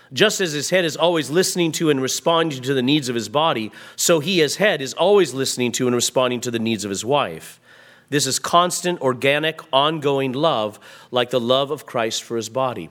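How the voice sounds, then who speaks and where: A man preaching a sermon into a microphone, building from quiet explanation to raised, emphatic passages. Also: medium pitch. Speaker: pastor. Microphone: microphone at a pulpit.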